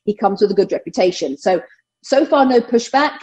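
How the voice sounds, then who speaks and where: A woman's voice: mid-range voice, fairly quick, poor audio. A middle-aged woman with an English accent, chatting casually and animatedly as a guest on a sports radio show. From England. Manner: animated, laughs often.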